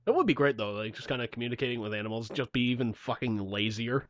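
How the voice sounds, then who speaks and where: A man's voice: medium pitch, expressive, fast, highs cut off. A man co-hosting a podcast, trading profane, rambling jokes in casual banter. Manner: profane, joking, rambling delivery. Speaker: podcast co-host.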